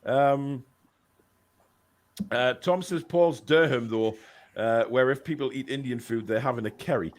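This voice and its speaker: A man's voice: mid-range voice, unhurried, long pauses. A man hosting a casual online chat show, rambling and joking as he reads out viewer comments. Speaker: show host.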